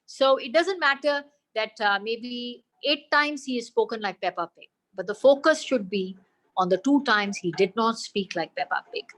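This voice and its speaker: A woman with an Indian accent talks on a video call in a fairly high voice. She explains step by step and patiently, now and then dropping in a Hindi phrase. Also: moderate pace, a bit bright, low-quality recording. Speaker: expert answering parents' questions. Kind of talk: webinar Q&A advice.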